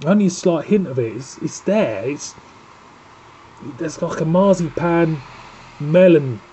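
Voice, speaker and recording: A man's voice: a little high, animated, a little slow, warm tone, a little hiss or hum. A man with a Northern English accent hosting a casual home beer review, chatty and rambling, often breaking off to scold his dog.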